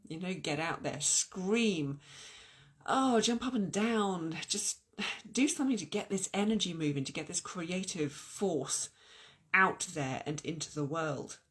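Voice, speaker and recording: Woman doing a spiritual talk, earnest and upbeat, voice kinda going hoarse, lots of restarts. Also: lowish voice, unhurried. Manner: earnest, animated and encouraging, with many restarts. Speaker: spiritual teacher. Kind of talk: spiritual talk at an online event.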